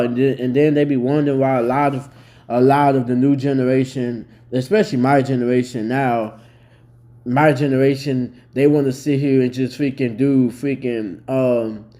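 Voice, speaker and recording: A young man talks straight to camera in a casual commentary, blunt and swearing freely as he gets worked up. His voice sits in a middle pitch with a dark, mellow tone. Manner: blunt, heavily profane, worked up. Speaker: vlogger reacting to a news story.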